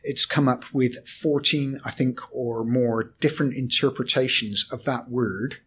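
A man, a corporate trainer explaining communication in a podcast discussion, measured and hesitant at times. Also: mid-range voice, fairly even intonation, a bit bright, slight background noise.

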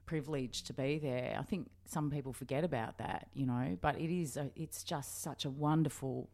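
An Australian woman in her fifties, a broadcaster telling lively stories in a casual interview and laughing often. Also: rumbling low, normal speed. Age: 50s.

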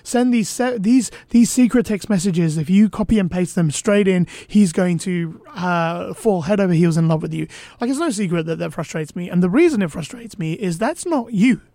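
A man's voice: high voice, animated, moderate pace, warm tone, no room sound. A man co-hosting a casual dating podcast, telling stories animatedly and swearing with a laugh. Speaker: podcast co-host, dating coach.

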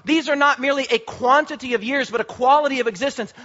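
High-voiced man preaching a sermon. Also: fast, bright, forceful tone. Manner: emphatic preaching with repetitions and restarts. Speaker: pastor. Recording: muffled lo-fi sermon recording.

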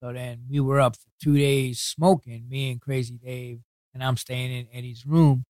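His voice is medium in pitch, level, and a little mellow, with no echo. This New Yorker from New York City, speaking with the local accent, tells stories from his past as a guest in a casual interview. He swears heavily and uses blunt street talk, quickly acting out what others said.

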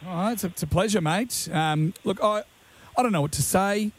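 A man's voice: high voice, a little fast. A man with an Australian accent hosting drive-time radio, teasing his guest and co-host in casual banter. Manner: jokey, teasing, says "mate" a lot.

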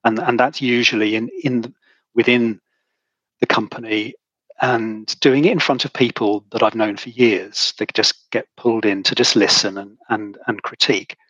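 Middle-aged male guest, husky, dry close sound, emotional and halting. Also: on the low side, steady tone, a bit bright, dry recording, lo-fi sound. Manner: halting, emotional, many restarts. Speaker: podcast guest, author. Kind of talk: conversational interview.

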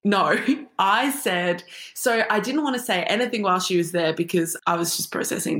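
Woman, lower voice, wry storyteller, laughs through her story, roomy echo, faint music behind. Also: animated, moderate pace, fairly bright tone. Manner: wry, laughs often while telling. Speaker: guest. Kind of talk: storytelling interview.

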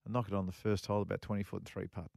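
A man's voice: fairly low pitch, little pitch movement, racing, gravelly, darkish tone, no room sound, studio quality. Rambling man telling golf stories. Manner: rambling, repeats phrases, many fillers. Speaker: co-host and former pro golfer. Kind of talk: casual radio chat, storytelling.

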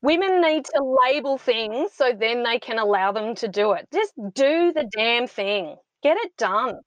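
A woman's voice: a little high, expressive, measured pace, no room sound, lo-fi sound. A woman, speaking passionately and emphatically as an interview guest. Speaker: podcast guest, founder of a mothers' support club. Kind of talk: heartfelt interview talk.

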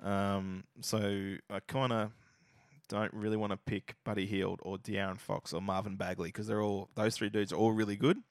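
A deep-voiced man in relaxed podcast chat. He swears freely and wanders through his thoughts with bursts of enthusiasm. The sound is dry and close. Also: moderate pace, no room sound. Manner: swears freely, rambling and excitable. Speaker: podcast co-host. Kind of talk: casual sports chat.

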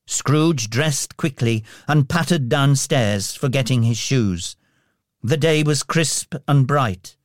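A man narrating a storybook in a measured, expressive way. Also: medium pitch, dry recording, studio quality. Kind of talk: storybook reading.

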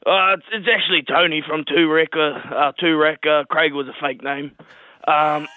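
A man putting on a thick New Zealand accent as a mischievous prank caller, laughing and halting through his question. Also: a little high, steady tone, no echo, phone-quality sound, natural voice. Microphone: phone call.

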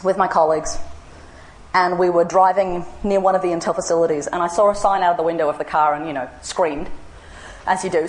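A woman's voice: fairly quick, roomy sound, poor audio. A woman giving a talk, telling an anecdote and acting out both sides of a conversation with big jumps in her voice. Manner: animated, acts out both sides of a dialogue with big pitch jumps. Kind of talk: storytelling lecture.

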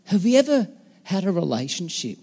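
A man preaching a conversational, emphatic sermon with dramatic pauses as a pastor. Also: high-pitched, big pitch swings, creaky, a little mellow, husky. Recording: long hall reverb.

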